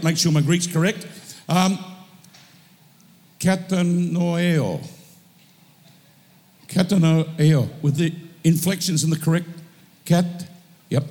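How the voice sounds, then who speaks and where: A male pastor preaching a sermon, impassioned, swinging from shouted declarations to slow, drawn-out teaching, in a church hall with a long echo. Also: on the high side. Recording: echoey hall reverb.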